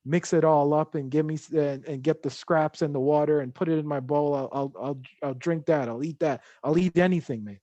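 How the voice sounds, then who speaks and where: A man's voice: fairly high pitch, steady tone, fairly quick, few pauses, warm tone, no echo, muffled recording, natural voice. A man voicing a wounded, starving exiled king who begs a cook for scraps. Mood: pleading. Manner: pleading, repeating himself. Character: starving exiled old king, desperate and pleading.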